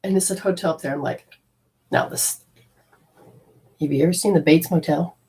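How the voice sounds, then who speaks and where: A woman, a spiritual teacher, telling a personal story in a lively way, acting out her own lines and swinging from loud outbursts to soft murmurs. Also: deep voice, quick pace. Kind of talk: storytelling talk.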